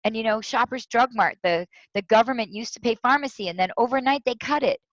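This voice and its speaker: Woman guest speaker, fairly high voice, animated storytelling, dry dull lo-fi sound. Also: a little fast, no room sound. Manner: animated, tells stories with quoted voices. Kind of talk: storytelling interview.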